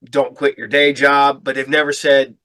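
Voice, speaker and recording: A man's voice: mid-range voice, flat delivery, moderate pace, sharp tone. A man hosting a casual podcast chat, speaking in loose sentences that trail off and restart. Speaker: podcast host.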